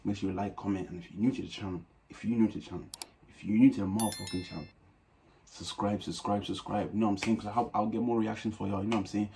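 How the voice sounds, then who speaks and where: Fast-talking Irish guy, mellow voice. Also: fairly low pitch, fairly even intonation, gravelly, slight background noise. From Ireland. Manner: slangy, keeps saying "you know what I'm saying". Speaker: music reaction host. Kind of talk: casual reaction commentary.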